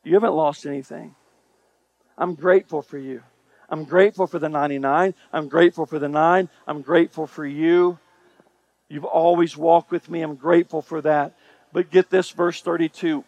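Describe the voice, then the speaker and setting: High-voiced man preaching emphatically. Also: fairly even intonation, normal speed, darkish tone, dry recording, highs cut off. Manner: emphatic preaching, repeats phrases, addresses congregation directly. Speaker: pastor. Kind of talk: sermon.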